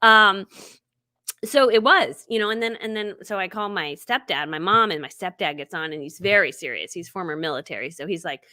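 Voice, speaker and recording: A woman's voice: lowish voice, fairly quick, bright, forceful tone. A middle-aged woman hosting a live stream, telling stories in a chatty way, laughing often and acting out what people said. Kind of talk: casual chatty storytelling.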